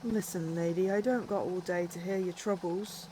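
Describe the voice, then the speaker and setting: A woman's voice: fairly low pitch, fairly even intonation, normal speed, dark tone, slight background noise, pitched below the performer's own voice, natural voice. A woman voicing a pushy, impatient bus driver in a game, brusque and bossy.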